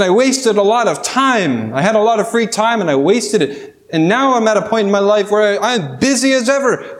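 A man preaching a sermon, telling a fable and then pressing his listeners with rhetorical questions. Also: sits high. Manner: storytelling, rhetorical questions to the congregation.

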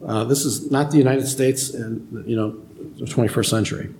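A man's voice: medium pitch, steady tone, normal speed, gravelly, darkish tone, reverberant, slight background noise. Man preaching a conversational sermon. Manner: conversational preaching, asks the congregation questions. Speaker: pastor.

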